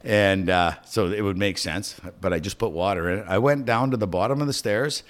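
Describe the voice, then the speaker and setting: A man co-hosting a podcast, telling stories in a casual, profane, animated way. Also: on the low side, fairly quick. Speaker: podcast co-host. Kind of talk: casual chat.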